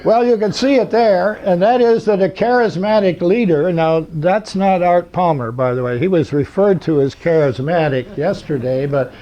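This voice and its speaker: A man's voice: high-pitched, normal speed, few pauses, mellow. An older man giving a rambling, dry-humored talk to an audience in a lecture hall, with plenty of fillers. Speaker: convention speaker. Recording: muffled lo-fi recording.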